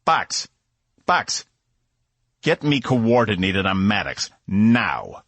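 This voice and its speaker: A man doing a yelling, hot-headed space pilot. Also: on the low side, sing-song, drawn-out words, dry recording, voice pushed up, full character voice. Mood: heated. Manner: heated, yelling. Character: brash indebted male space pilot.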